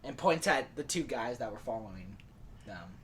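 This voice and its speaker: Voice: mid-range voice, expressive, normal speed, a little hiss or hum. A podcast host casually retelling a movie plot in a rambling way, full of fillers like "like" and "and stuff".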